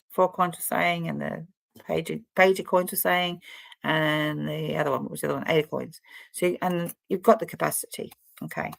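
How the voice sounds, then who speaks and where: A woman's voice: on the low side, gravelly, no room sound. A woman giving a casual, chatty tarot card reading straight to the viewer, rambling and speaking to them directly. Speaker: tarot reader.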